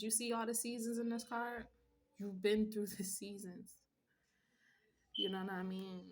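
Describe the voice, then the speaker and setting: Blunt, profane woman reading tarot. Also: medium pitch. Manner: blunt, profane, streetwise slang, pep-talk. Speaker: tarot reader. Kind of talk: casual tarot reading monologue.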